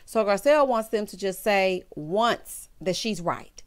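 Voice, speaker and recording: A woman delivers a reality TV recap in a sassy, emphatic way, calling her viewers honey and child. Her pitch swings widely from line to line, and she breaks into loud exclamations as she talks. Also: lively intonation, measured pace. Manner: bursts into loud laughter and exclamations. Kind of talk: casual recap and commentary.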